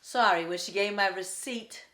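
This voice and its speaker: A woman's voice: mid-range voice, normal speed, a bit bright. A woman casually retelling a restaurant mix-up in a blunt, matter-of-fact way. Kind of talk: casual storytelling. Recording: echoey room.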